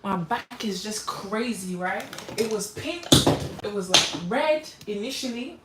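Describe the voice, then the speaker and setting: A woman's voice: medium pitch, a little slow, heavy background noise. Chatty woman doing her makeup. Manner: chatty, animated storytelling with quoted voices and laughs. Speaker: beauty livestream host. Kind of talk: casual chat while doing makeup.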